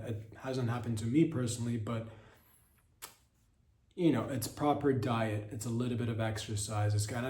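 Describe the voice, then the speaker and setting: A man hosting a comedy podcast, delivering a rambling comic monologue full of deadpan innuendo and self-corrections. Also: medium pitch, echoey room.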